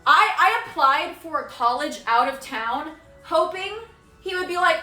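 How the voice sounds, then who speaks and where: Bright, animated young woman streamer. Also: high-pitched, unhurried, roomy sound, soft background music. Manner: animated, swearing, dramatic retelling with quoted voices. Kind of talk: casual storytelling chat.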